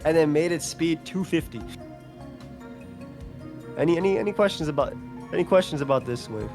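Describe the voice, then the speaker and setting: A man's voice: fairly high pitch, animated, moderate pace, music in the background. A man chatting casually as a guest, slangy and assertive as he argues his points. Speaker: guest co-host. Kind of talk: casual chat.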